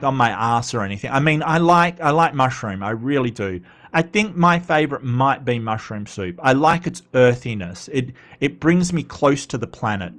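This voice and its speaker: An Australian man talks on a live show in a loose, rambling way and keeps drifting into asides. His voice sits at an ordinary middle pitch for a man. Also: a bit bright. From Western Australia. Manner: chatty and rambling, with frequent asides. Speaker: host reading live chat. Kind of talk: casual livestream commentary.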